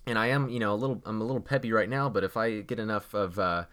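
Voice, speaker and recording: A man's voice: fairly low pitch, quick pace, fairly bright tone. A man co-hosting a casual podcast, talking in a rambling, chatty way with lots of restarts and asides. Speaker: podcast co-host.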